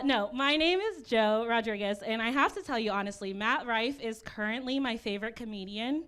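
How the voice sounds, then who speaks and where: A woman working through a stand-up set, her voice bright and crisp with a slightly high pitch. She talks chattily, undercuts herself and slips in little asides. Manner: chatty, self-deprecating, giggly asides. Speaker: stand-up comedian.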